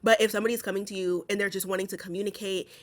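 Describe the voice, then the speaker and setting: A woman's voice: medium pitch, fairly even intonation, very fast. A young woman recapping a film in casual commentary, blunt and profane, with lots of "like"s. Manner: chatty, with many "like"s. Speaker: movie commentator.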